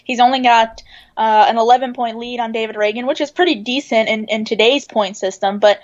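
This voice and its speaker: A woman's voice: fairly high pitch, fairly even intonation, highs cut off. Woman talking racing, many fillers. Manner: measured, thinks aloud with many fillers and restarts. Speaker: guest racing writer. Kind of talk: casual podcast chat, analysis.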